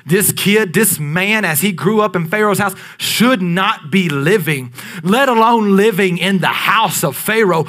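A man in his thirties, a pastor preaching a sermon, shifting between loud emphatic peaks and hushed, drawn-out lines. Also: on the high side. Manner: dynamic preaching, swings between loud peaks and near-whispers.

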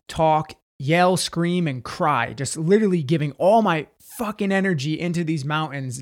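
Intense swearing man telling his story. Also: a little high. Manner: intense, swears freely, emphatic repetition. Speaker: podcast guest, healer. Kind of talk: candid storytelling.

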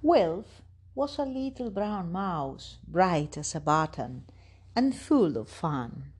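A woman hosting a podcast, reading a children's story aloud in an expressive, sing-song storytelling manner. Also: on the low side, slow, slightly rough.

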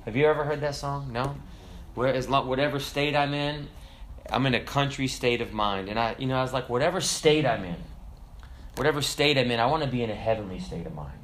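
A man preaching a sermon in a conversational, humorous way, acting out little quotes and slowing down to quote scripture. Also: medium pitch, a bit bright. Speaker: pastor.

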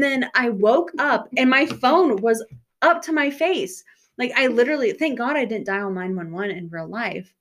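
A woman's voice: on the high side, expressive, moderate pace, a bit bright. A young woman co-hosting a podcast, chatting casually, swearing freely and laughing often as she tells stories. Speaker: podcast co-host. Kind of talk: casual chat.

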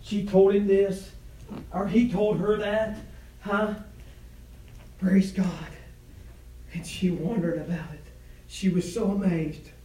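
High-voiced preacher shouting in echoey church. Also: male voice, steady tone, slow, pauses often, a little hiss or hum. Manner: chanting preaching cadence with constant "huh?" tags; swings from low murmurs to high shouted climaxes. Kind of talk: sermon. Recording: echoey room from far off.

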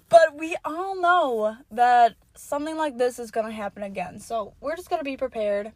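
A young woman hosting her own solo podcast, rambling and swearing freely, swinging between low mutters and loud yelling. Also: expressive, unhurried, long pauses, no echo. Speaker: podcast host.

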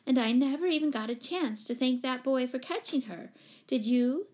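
A woman voicing a chatty young girl with a higher, lively voice. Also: moderate pace, lightly acted. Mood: girlish.

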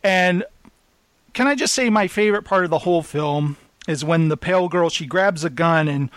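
A man's voice: fairly high pitch, normal speed, dry recording. A man in casual podcast chat about a film, retelling scenes with a lot of laughter and acting out the characters' lines. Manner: animated retelling, laughs often, acts out lines. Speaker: podcast guest.

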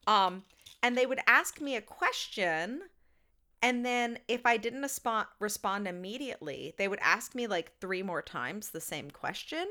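Bright-voiced woman ranting on a podcast. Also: medium pitch, normal speed. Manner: ranting storyteller, swears freely. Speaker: podcast co-host. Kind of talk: casual chat.

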